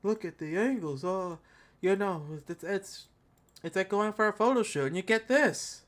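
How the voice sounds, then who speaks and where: Tech youtuber dude ranting live over an event stream, jokey and over the top, slangy, chatting with viewers. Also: male voice, sits high, lively intonation, a little slow, fairly bright tone. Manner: ranting, joking, exaggerated mockery; casual slangy banter with chat. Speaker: tech channel host.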